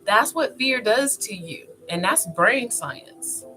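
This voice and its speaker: A woman vlogger talking casually to camera in a chatty, animated way, often laughing. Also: fairly high pitch, slow pace. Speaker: wellness vlogger. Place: indoor filming setup with two cameras. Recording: clear music playing behind. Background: music.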